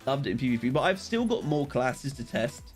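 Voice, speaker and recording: A man's voice: medium pitch, very animated, a little fast, faint music behind. A young man rambling casually on a game live stream, greeting viewers by name as he plays.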